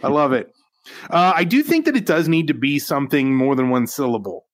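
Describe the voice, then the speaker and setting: A man's voice: medium pitch, animated, a little fast, dry recording. A man co-hosting a live tech news stream, chatty and upbeat with joking asides. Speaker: co-host of a VR news livestream. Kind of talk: casual livestream chat.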